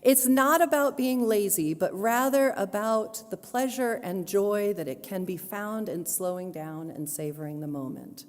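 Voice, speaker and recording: Woman minister, sermon, slow and deliberate delivery, long hall reverb. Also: medium pitch. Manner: warm, earnest pastoral address with gentle humor. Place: church sanctuary.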